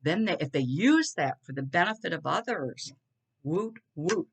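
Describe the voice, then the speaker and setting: A woman's voice: deep voice, big pitch swings, moderate pace, creaky, breathy edge. A middle-aged woman with a lilt talks straight to her viewers in a loose, earnest monologue. She wanders between thoughts, circles back, and leans on little check-ins as she goes. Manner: earnest, rambling, addresses viewers as y'all. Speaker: vlogger. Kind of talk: casual talking-head monologue.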